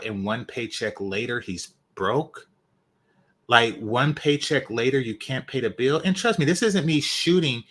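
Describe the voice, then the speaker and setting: A man's voice: mid-range voice, fairly bright tone. A man hosting a reaction channel, giving opinionated commentary with emphatic repetitions. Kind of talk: commentary on a video.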